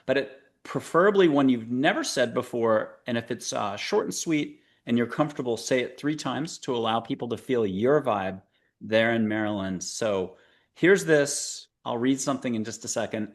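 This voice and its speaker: A man hosting a spiritual talk show, guiding listeners through breathing and visualization with a playful, joking manner. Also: medium pitch. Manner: playful, jokey, coaxing guide. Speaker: show host. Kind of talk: guided meditation talk show.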